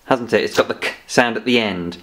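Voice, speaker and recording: A man's voice: fairly low pitch, a little fast, a little hiss or hum. A man teaching phonics to children, patiently and playfully telling off a puppet giraffe as he goes. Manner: gently scolding, patient, playful.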